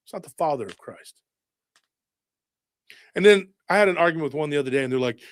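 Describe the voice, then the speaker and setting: Excitable man firing off rhetorical questions. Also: on the high side, fast, long pauses, no room sound, clean studio sound. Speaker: host. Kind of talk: casual podcast talk.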